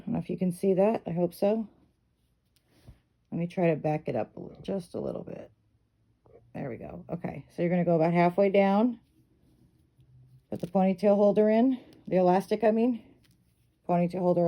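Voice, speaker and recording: Mellow-voiced woman chatting through a tutorial. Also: on the low side, normal speed, pauses often. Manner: chatty, instructive, repeats steps with "okay". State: hiccups. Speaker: reborn doll hair tutorial host. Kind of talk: casual step-by-step tutorial.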